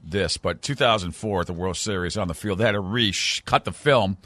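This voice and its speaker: A man's voice: low-pitched, brisk, a bit bright, no room sound. Dry-voiced man chatting on sports radio. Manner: rambling storyteller, playful banter. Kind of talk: casual chat.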